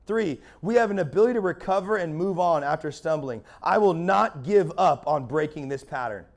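Fiery high-voiced gravelly preacher man. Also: lively intonation, moderate pace. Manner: fiery, preaching with rising intensity. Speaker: pastor. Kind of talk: sermon.

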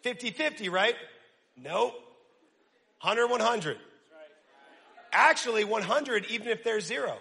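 A young man preaching a casual, energetic sermon, using slang and quizzing his audience. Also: high voice, measured pace, creaky, pauses often. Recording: long reverb of a large hall.

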